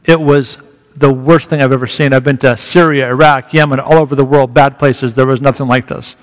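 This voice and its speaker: A man's voice: medium pitch, steady tone, a little fast. A man speaking as a guest at a church, telling a story to the congregation in a candid, conversational way with rising emphasis. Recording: reverberant church hall.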